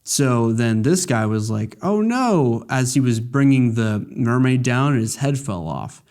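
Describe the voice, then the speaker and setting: A man's voice: medium pitch, a little slow, a little mellow, clear, resonant tone. Rambling man recapping a game story. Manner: rambling, jokey story recap with many fillers. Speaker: let's play gamer. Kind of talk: casual gameplay commentary.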